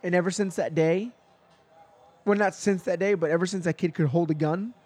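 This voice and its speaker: Chatty storytelling man, slightly high voice. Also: steady tone, brisk, a little mellow. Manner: rambling, many "like" fillers, acts out quotes. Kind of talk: casual chat, storytelling.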